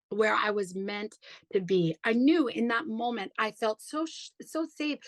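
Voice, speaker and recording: A woman with a fairly high voice tells her own story as a podcast guest. She talks in a chatty, enthusiastic way and often says "like" and "you know". Her voice sounds dry and close, with little room sound. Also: a bit bright, no room sound, rough recording. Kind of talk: personal storytelling in conversation.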